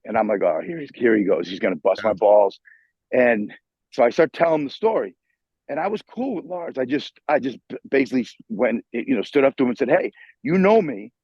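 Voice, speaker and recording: A New York man, a guitarist appearing as a guest, tells stories over a video call in a casual interview, swearing freely, animated, and restarting often. His voice is husky and medium in pitch. The video call audio is muffled, with no echo.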